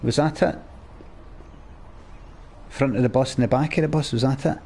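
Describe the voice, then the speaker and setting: Scottish man, gravelly, let's play commentary, chatty ranting, swears a lot. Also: medium pitch, moderate pace, darkish tone, a little hiss or hum. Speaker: gamer.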